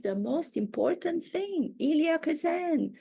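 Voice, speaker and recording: A woman putting on a vain, self-pitying duchess in a satirical impression, speaking slowly and theatrically. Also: high-pitched, animated, vocal fry, dark tone, voice pushed up, full character voice. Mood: indignant. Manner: slow, grandiose, theatrical delivery with drawn-out words. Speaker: acting coach.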